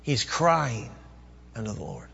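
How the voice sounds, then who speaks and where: A man's voice: medium pitch, big pitch swings, measured pace, vocal fry, pushed and bright, slightly rough. Man preaching a dramatic sermon in a hall. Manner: dramatic, acts out pleading prayers. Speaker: pastor. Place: church. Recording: dull echoey church recording.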